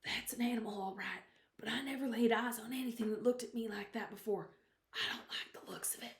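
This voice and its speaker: A woman voicing an excited young country boy. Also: high-pitched, a little fast, voice pushed up. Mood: hushed excitement. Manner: hushed, urgent talking to his dog. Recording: roomy echo.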